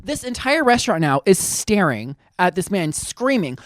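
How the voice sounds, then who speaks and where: A man's voice: high-pitched, moderate pace. A man co-hosting a podcast, telling a story in casual chat and acting out the people he quotes. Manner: animated, acts out quotes in big voices. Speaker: podcast co-host.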